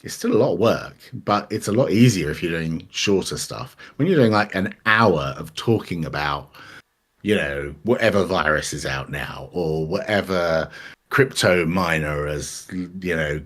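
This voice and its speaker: Husky, very low-voiced man. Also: unhurried, fairly bright tone. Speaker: podcast guest. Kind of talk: casual chat.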